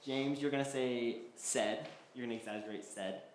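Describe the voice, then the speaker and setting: A man's voice: mid-range voice, fairly even intonation, normal speed. A man teaching a Bible study class, talking loosely with many ums and restarts. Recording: echoey hall, faint background noise.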